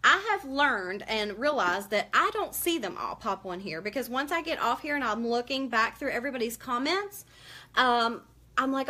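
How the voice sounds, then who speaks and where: Bright, chatty woman on a live stream. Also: a little high, expressive, moderate pace. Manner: chatty, emotional, greets viewers by name. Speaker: makeup seller hosting a live stream. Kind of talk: casual live-stream makeup tutorial.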